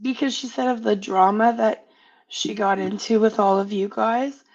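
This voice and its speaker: A woman's voice: medium pitch, steady tone, moderate pace, a little mellow, highs cut off. A woman hosting a casual livestream, speaking hesitantly and reading out questions from chat. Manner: hesitant, many fillers, reads chat questions. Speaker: livestream host.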